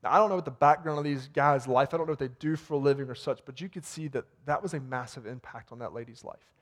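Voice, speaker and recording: A man's voice: mid-range voice, quick pace. A man preaching a sermon in a church in a conversational way, retelling stories and ending in prayer. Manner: conversational preaching with retold dialogue, repeats words. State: sweating. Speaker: pastor. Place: warm church sanctuary.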